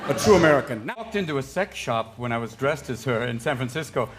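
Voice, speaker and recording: A man doing stand-up comedy, manic and rapid-fire, bursting into voices. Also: mid-range voice, expressive, big-room sound, background noise. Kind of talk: stand-up and talk-show comedy.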